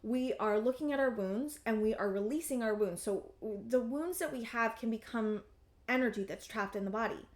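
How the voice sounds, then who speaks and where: A young woman giving a collective tarot reading, rambling with many fillers and gently reassuring the listener. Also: fairly high pitch, normal speed, reverberant. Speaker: tarot reader.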